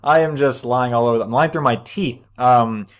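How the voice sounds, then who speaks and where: A man's voice: medium pitch, normal speed. A young man hosting a casual podcast, laughing often and stumbling over restarts. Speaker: podcast host. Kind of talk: casual chat.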